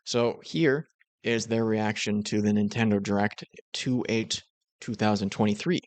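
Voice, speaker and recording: A man's voice: fairly low pitch, steady tone, a little slow, no room sound. A man giving dry, critical and sarcastic commentary over reaction clips. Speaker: commentary host.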